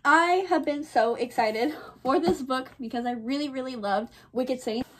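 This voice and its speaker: A young woman hosting a casual reading vlog, talking in a gushing, excitable way. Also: high voice, moderate pace, slight background noise. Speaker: book vlogger.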